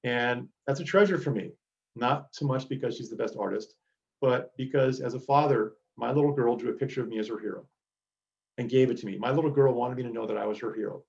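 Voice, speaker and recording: A man's voice: mid-range voice, fairly quick, gravelly, darkish tone, highs cut off. A middle-aged man, a DEA agent, giving an earnest motivational lecture to students over a video call.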